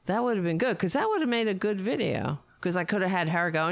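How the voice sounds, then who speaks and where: A woman hosting a casual livestream, telling stories in an animated way and acting out other people's voices. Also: medium pitch, fairly quick, gravelly, few pauses, no room sound, studio quality. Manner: animated storytelling, mimics voices. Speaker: host. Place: New York.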